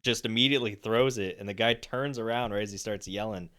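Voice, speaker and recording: Deep-voiced young man recapping football. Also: a little fast, fairly bright tone. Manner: rambling, many fillers and restarts. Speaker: podcast co-host. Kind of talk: casual sports chat.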